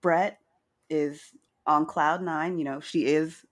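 A woman co-hosting a casual recap chat, chatty and wry, with a slightly hoarse morning voice. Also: deep voice, steady tone, slow pace. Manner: chatty, wry, retells scenes with quoted lines. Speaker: podcast co-host recapping a reality show.

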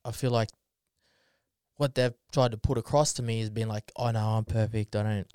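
A man's voice: fairly low pitch, steady tone, normal speed, warm tone, smooth, dry recording, studio quality. A man, co-hosting a podcast, rambling and swearing with frequent laughs in casual chat. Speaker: podcast co-host.

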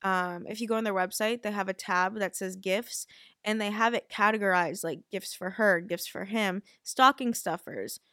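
A woman's voice: mid-range voice, normal speed, bright, forceful tone, dry recording, studio quality. A young woman hosting a podcast, chatting casually with lots of fillers and casual swearing. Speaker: podcast host. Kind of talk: casual chat.

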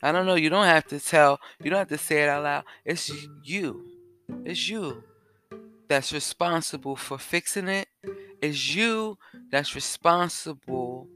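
Slow, bright-voiced man asking reflective questions. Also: fairly high pitch, soft background music. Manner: slow, repetitive, asks the listener questions. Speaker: podcast host. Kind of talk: reflective self-help talk.

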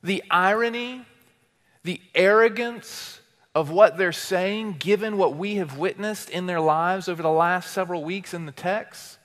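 A man's voice: high voice, a little slow, a bit bright, in a large hall. A man preaching a sermon as teaching pastor, building emphatic repeated phrases with passion.

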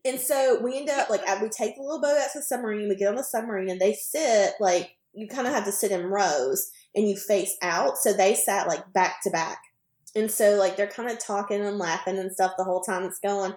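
A woman's voice: mid-range voice, a little fast, roomy sound. A woman podcast co-host telling a casual anecdote, rambling with lots of fillers as she acts out what people said. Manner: rambling, filler-heavy, animated retelling.

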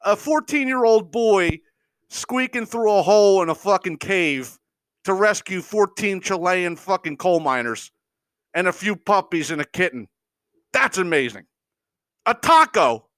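A man riffs unscripted on his podcast, cursing freely and rambling through exasperated complaints. His slightly high voice leaps around in pitch. The sound is dry and close, with no room around it. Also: a bit bright, dry recording. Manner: profane, exasperated, mocks people in quick impressions; rambling, unscripted, frequent fillers and chuckles. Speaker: podcast host. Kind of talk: casual comedic rant.

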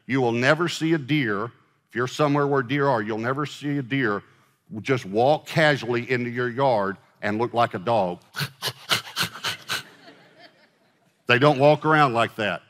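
A middle-aged pastor preaches in a casual, conversational manner, asking his congregation questions and joking with them. His voice is medium-pitched and fairly bright, at a moderate pace, with a long hall reverb in the recording.

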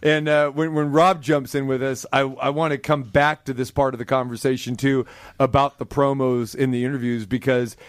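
A man's voice: medium pitch, flat delivery, moderate pace, dry recording, studio quality. A man hosting an interview, affably introducing segments and clips. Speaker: podcast host.

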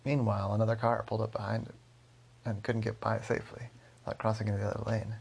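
A man with a gravelly voice telling a story casually, rambling with fillers. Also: lowish voice, little pitch movement, fast, a little mellow.

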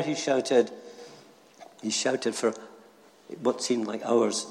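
Older minister preaching in a reverberant church. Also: male voice, medium pitch, steady tone, takes it slowly, creaky, slight background noise. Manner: storytelling with a joke, then gentle preaching. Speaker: retired minister. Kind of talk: short talk at a church service.

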